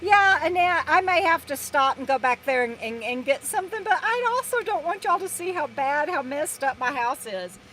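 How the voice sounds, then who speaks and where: A woman chats on a live stream in a bright, high voice, rambling along as she reads out viewer comments. She records from inside her RV, and faint truck noise rumbles through from a parking lot outside. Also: expressive, normal speed, few pauses, rough recording. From Texas. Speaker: vlogger hosting a live stream. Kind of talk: casual live-stream chat. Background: loud trucks passing.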